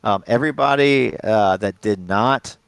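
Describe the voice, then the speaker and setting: A man running a tabletop role-playing game as game master, narrating the action haltingly with fillers and restarts. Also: fairly low pitch, creaky, fairly bright tone, clear, resonant tone, dry recording.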